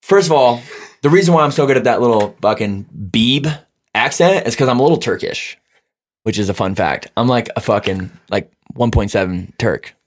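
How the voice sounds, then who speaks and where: A man's voice: medium pitch, moderate pace. A young man chatting on a podcast, loose and profane. He tells stories in a joking way. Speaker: podcast co-host. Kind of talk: casual chat.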